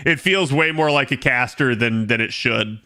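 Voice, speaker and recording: Casual streamer guy with a bright, forceful voice who rambles loosely and thinks out loud. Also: medium pitch, normal speed. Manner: rambling, thinks aloud with many fillers. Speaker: game streamer chatting with viewers. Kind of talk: casual live-stream chat.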